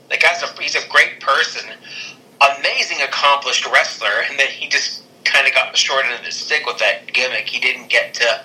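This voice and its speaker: A man co-hosting a casual podcast, talking in a halting way with stammers and restarts. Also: mid-range voice, sharp tone, poor audio. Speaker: podcast co-host. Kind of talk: casual chat.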